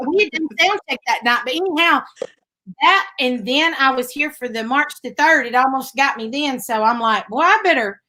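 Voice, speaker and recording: A woman's voice: sits high, normal speed, sharp tone, poor audio. A woman with a Southern accent from Tennessee, a guest musician chatting casually and telling stories in folksy phrasing over a video call. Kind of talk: casual chat.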